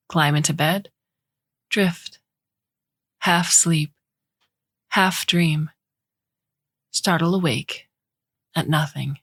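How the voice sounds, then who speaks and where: A woman narrating a short story in a measured, even way. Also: sits low, breathy edge.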